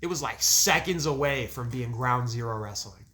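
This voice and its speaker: A young man, a guest on a podcast, telling stories in an animated, casual way, laughing often and swearing freely. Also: medium pitch, normal speed.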